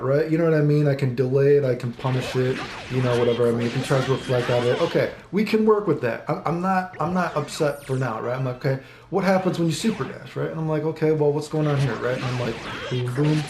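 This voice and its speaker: A man with a gravelly, mid-range voice gives casual commentary while playing a fighting game, rambling, swearing often, and quoting his own thoughts. The room is echoey, with music playing behind him.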